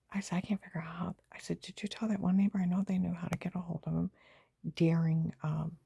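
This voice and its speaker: A woman's voice: lowish voice, vocal fry, dark tone, slightly rough, dry recording, muffled recording. A woman vlogger telling a long, rambling personal story in an aggrieved tone, with angry bursts.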